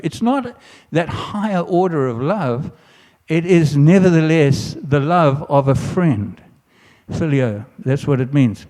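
Male preacher, mellow warm voice, earnest sermon delivery, reverberant hall. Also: on the high side, expressive, unhurried. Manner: earnest, with restarts, builds to emphatic quoted lines.

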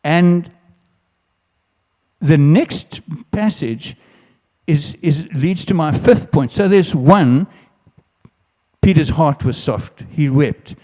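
A man's voice: a little high, takes it slowly, pauses often, darkish tone. Earnest preacher man in a reverberant hall. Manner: earnest, with restarts, builds to emphatic quoted lines. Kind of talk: sermon.

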